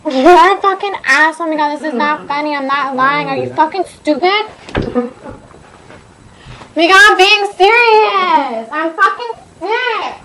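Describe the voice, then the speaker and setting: A woman's voice: very high-pitched, expressive, measured pace, noisy background. A young woman bickering and swearing during a playful chat with a voice changer app.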